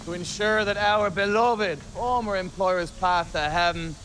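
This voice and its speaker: A solemn, stern mourner giving orders. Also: male voice, high-pitched, a little slow, a bit bright, a little hiss or hum, low-quality recording. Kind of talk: TV drama clip.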